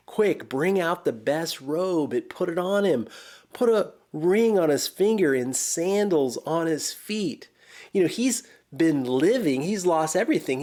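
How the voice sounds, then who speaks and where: A man preaching a sermon in an earnest way, acting out the quoted lines and sinking to a soft hush as he appeals to listeners. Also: fairly high pitch. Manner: earnest, animated when quoting, drops to a soft hush near the end.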